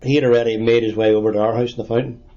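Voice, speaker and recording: A man in his sixties with a Derry accent, recalling past events in a halting, plain-spoken way during an oral history interview. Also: mid-range voice, little pitch movement, dark tone. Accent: Northern Irish, Derry. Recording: dull lo-fi recording.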